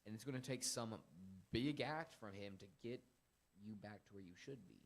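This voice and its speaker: A young man in his twenties hosting a casual faith podcast, rambling and animated as he tells stories and acts out quotes. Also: lowish voice, normal speed, vocal fry. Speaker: podcast host.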